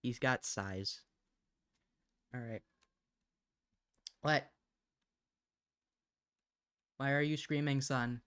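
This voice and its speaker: A woman's voice: rumbling low, extremely slow, pauses often, fairly bright tone, clean tone, no echo, clean studio sound. A woman live streaming while she draws, chatting casually, muttering to herself as she works and sometimes gushing to her cat, recorded on a desk microphone at home.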